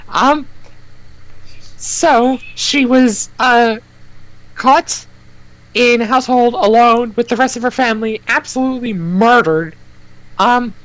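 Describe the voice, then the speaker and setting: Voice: medium pitch, slow, long pauses, fairly bright tone, poor audio. A player at a tabletop role-playing game, casual and joking, who swears now and then.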